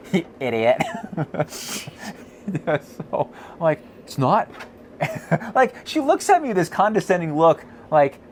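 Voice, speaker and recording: A man co-hosting a podcast, chatting casually, reading viewer comments and telling animated stories with frequent laughter. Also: a little high, takes it slowly, slight background noise. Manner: animated storytelling, laughs often. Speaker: podcast co-host.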